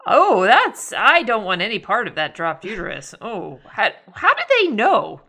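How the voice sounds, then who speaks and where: A woman's voice: mid-range voice, very animated, measured pace, gravelly, bright, forceful tone. A woman co-hosting a podcast who reacts with gasps, sarcastic remarks and swearing in casual chat.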